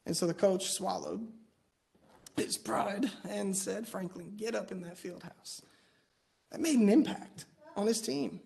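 A man's voice: sits high, a little mellow. A man preaching a sermon in a church, telling stories earnestly with frequent fillers and restarts.

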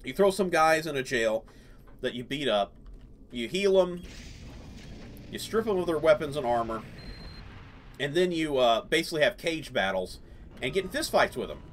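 A man's voice: fairly high pitch, lively intonation, moderate pace, long pauses, slight background noise. Rambling male gamer talking over play. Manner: rambling, lots of fillers and laughs. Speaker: gaming channel host. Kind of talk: casual let's-play commentary.

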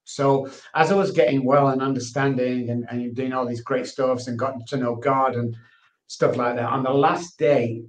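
A man's voice: medium pitch, fairly even intonation, normal speed. Earnest man telling his story. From England. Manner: earnest storyteller, repeats himself for emphasis. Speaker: guest. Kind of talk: candid personal testimony. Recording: roomy, echoey sound.

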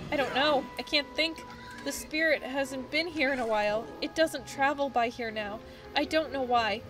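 Woman playing a dryad in a game, raised higher than her own voice and louder, snappy then sorry, mind all jumbled. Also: moderate pace, over music, natural voice, low-quality recording. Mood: strained. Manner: swings between hostility and apology. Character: rage-addled female dryad, tree spirit, erratic and snappish. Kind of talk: reading game dialogue aloud.

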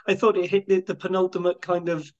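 A man with a notably high voice hosts a casual podcast interview. He sounds enthusiastic and matey with his guest. The audio is dull and lo-fi. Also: little pitch movement, quick pace. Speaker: podcast host.

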